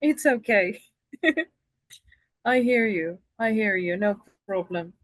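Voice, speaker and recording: A woman teaching an online English conversation lesson over a video call. She talks slowly and patiently, encouraging her student. Her voice is mid-pitched and the sound is dry. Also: animated, no echo.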